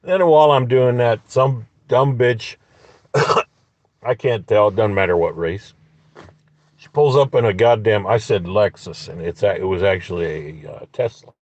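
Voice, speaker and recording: Husky low-voiced man, angry profane rambling rant, dull lo-fi sound, from inside a car. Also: measured pace, darkish tone, no echo. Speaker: vlogger. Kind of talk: ranting storytelling vlog.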